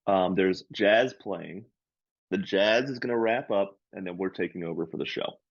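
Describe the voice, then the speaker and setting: A man's voice: low voice, moderate pace, vocal fry, breathy edge, no room sound, muffled recording. A man, a comedian and podcast co-host, telling a story in casual chat and acting out the lines of the people in it. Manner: animated storyteller, acts out quoted lines loudly.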